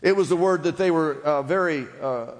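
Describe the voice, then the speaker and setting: A man preaches in a church sanctuary with a slightly raised pitch. His voice carries a long reverb through the hall. He teaches patiently and gets the congregation to repeat words back to him. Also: moderate pace. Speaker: pastor. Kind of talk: sermon.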